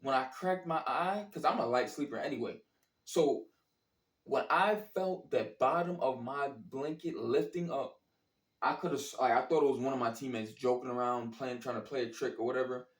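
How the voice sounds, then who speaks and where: A man's voice: medium pitch, normal speed. A man telling a story casually, with lots of slang and profanity, acting out his own reactions as he goes. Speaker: storyteller recounting a college basketball trip. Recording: echoey room, distant from the mic.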